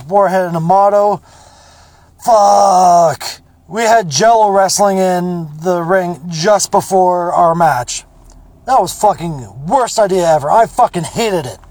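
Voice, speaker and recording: A man's voice: high voice, darkish tone, no room sound. A man hosting a podcast, telling rambling, profane stories in a casual, blunt way. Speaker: podcast host. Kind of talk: casual storytelling monologue.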